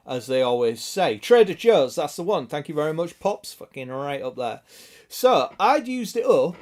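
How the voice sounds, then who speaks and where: A man with a British accent chatting casually on a gaming stream, sweary and chuckling as he talks to his viewers. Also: medium pitch.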